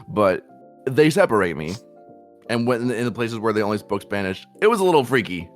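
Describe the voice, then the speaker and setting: A man streamer chatting casually about a trip, animated and teasing as he asks questions. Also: lowish voice, fairly quick. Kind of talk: casual chat. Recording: faint music behind.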